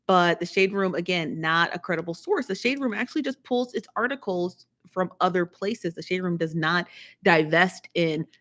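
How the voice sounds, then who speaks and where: Woman hosting a live stream; casual, chatty, animated commentary with frequent repetition and laughter. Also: fairly low pitch, moderate pace. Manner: chatty, animated, repeats herself, laughs often. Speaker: live show host.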